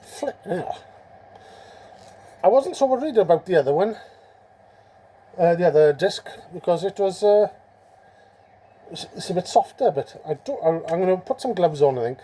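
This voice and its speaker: A man's voice: high-pitched, expressive, normal speed, pauses often, dark tone, a little hiss or hum. Rambling man in workshop. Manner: rambling, self-mocking, chatty with fillers. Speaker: motorcycle restorer. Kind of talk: casual workshop vlog.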